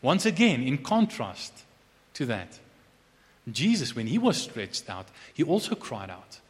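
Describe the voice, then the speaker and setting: A man preaching a sermon who drops to a hushed, intense tone and then rises to loud, emphatic proclamation, repeating key phrases for emphasis. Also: mid-range voice, wildly swooping pitch, measured pace. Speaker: pastor. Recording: long reverb of a large hall.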